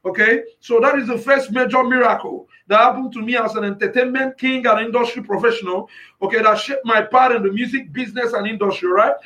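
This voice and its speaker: A man in the music business giving an emotional personal testimony, near tears, who keeps repeating "you understand?" and breaks into shouted praise. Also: very high voice, brisk. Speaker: music industry professional.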